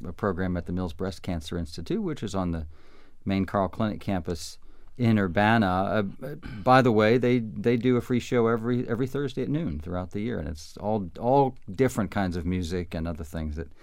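A man's voice: low voice, expressive, a little fast, hardly any pauses, no echo, clean studio sound. A man hosting a radio talk show, chatting casually and rambling with many fillers. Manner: rambling, with frequent fillers and restarts. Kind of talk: casual on-air interview.

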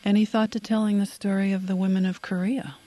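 A woman's voice: mid-range voice, flat delivery, fast, warm tone. A woman hosting a radio interview, asking reflective, engaged questions.

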